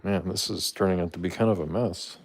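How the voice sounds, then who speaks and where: A man with a deep, low voice hosts a casual live stream. He chats loosely with his viewers, reads out their names and thanks them, and now and then coos at his cats. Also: steady tone, a little fast, husky. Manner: talks to his cats in a high playful voice. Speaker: livestream host.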